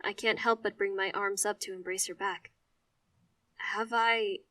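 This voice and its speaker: A woman tells a story in the first person, leaning on words with expressive emphasis. Her pitch sits mid-range for a woman. The recording is dry, with the mic a little distant. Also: a little fast, dry recording.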